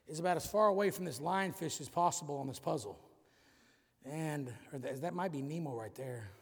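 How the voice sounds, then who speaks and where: A man's voice: a little high, vocal fry. A man preaching a casual, joking sermon in a church, using a puzzle as an object lesson. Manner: folksy and joking, says y'all. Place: church sanctuary. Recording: reverberant church hall.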